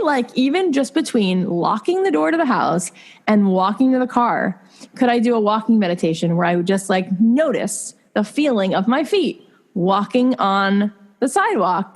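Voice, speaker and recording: A woman in her thirties, a podcast guest, telling candid personal stories in an earnest, confiding way with many likes and restarts. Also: on the high side. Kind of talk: candid conversational storytelling.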